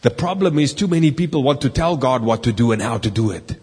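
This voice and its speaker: A man preaching a sermon, swinging from loud, emphatic lines to slow, quiet, drawn-out words. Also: mid-range voice, expressive. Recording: husky voice in a hall with long reverb.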